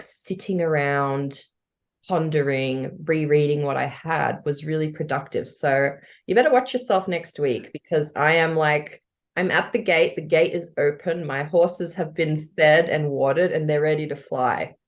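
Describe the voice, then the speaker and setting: A woman's voice: sits low, normal speed. An Australian woman co-hosting a podcast, chatting casually and playfully with colorful slang. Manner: bubbly and playful, full of slang and colorful turns of phrase. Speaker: podcast co-host. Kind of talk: casual chat.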